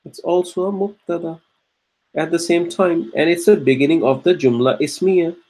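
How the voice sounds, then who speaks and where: A man teaching Quranic Arabic grammar, explaining step by step with frequent restarts and throat-clearing, and chanting verses between explanations. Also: a little high, moderate pace, a little mellow. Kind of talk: grammar lesson.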